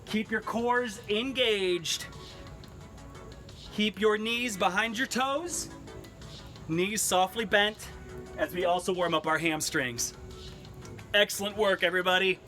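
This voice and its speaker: A cheery man with a high, bright voice leads a workout class at an unhurried pace. He mixes cues with puns, and faint music plays behind him. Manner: upbeat, cheery, cracks puns. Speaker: fitness instructor. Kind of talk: live-streamed workout class with jokes. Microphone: camera mic he adjusts.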